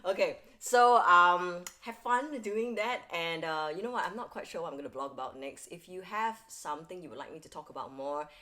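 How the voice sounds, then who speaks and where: This singing teacher has a lowish, animated voice and talks briskly, barely pausing. She explains vocal technique one step at a time for a video lesson, frequently checking in with "all right?"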